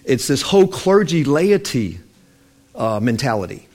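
A man's voice: medium pitch, very animated, unhurried, a little mellow. A man preaching a sermon in a loose, conversational way, acting out the voices of Bible figures as he tells the stories. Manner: loose and conversational, with restarts and fillers.

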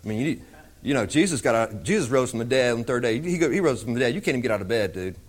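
A man's voice: medium pitch, animated, racing. A man preaching an informal Bible teaching in a conversational way, often repeating himself.

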